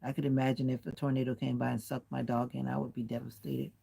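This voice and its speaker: Fast-talking and flat in delivery, this man has a mid-range voice that is gravelly, mellow, and a bit rough. He hosts a casual home livestream while lying back with pillow and comforter, answering comments individually and courteously but firmly keeping language clean.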